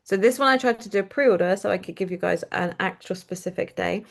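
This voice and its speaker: A woman's voice: medium pitch, fast, gravelly. A woman author as a guest in a live interview, gushing with enthusiasm and laughing often. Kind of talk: casual interview chat.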